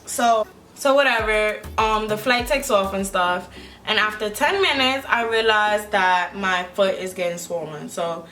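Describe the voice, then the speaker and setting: Young woman, rambling casual storyteller, mid pitch, faint music under her. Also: unhurried. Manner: rambling, filler-heavy, animated retelling. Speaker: vlogger.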